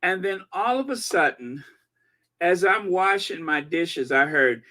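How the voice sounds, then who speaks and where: A man hosting a live-stream commentary, reading viewer comments aloud in an animated, gossipy way. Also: high voice, measured pace. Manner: animated and gossipy, breaking into laughter. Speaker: channel host.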